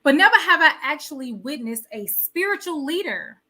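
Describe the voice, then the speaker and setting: Bright, high-voiced woman host preaching. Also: expressive, moderate pace. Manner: preachy, rhetorical questions and repetition. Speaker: host of a wellness show. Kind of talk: motivational live talk.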